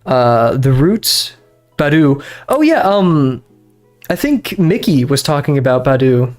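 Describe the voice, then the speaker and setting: Very animated yet slow-paced, this young man's slightly mellow mid-range voice carries a casual chat as he draws on a bedroom stream. He rambles, loses focus, restarts often, uses many fillers and laughs a lot, over soft background music.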